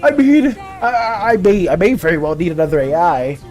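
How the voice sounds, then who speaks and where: Flustered streamer who trips over words; bouncy, animated delivery, faint music bed. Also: medium pitch, a little fast. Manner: stammering, repeats words, flustered and defensive. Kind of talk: casual live-stream chat while drawing.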